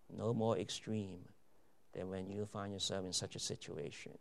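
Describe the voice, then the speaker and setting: A man preaching a sermon with emphatic, dramatic delivery that swings between loud declarations and quiet asides. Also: fairly low pitch, vocal fry. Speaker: pastor.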